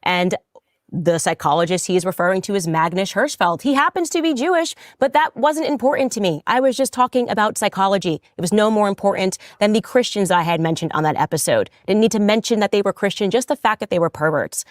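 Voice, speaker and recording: A woman's voice: mid-range voice, quick pace, no echo, studio quality. A woman in a played clip, arguing her case indignantly with pointed rhetorical questions. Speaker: commentator defending herself.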